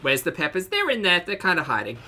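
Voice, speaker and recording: A woman's voice: lowish voice, wildly swooping pitch, fast talker, very noisy. A woman with a Southern US accent live-streaming a reaction, chatting with her viewers and laughing often. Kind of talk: casual live-stream commentary.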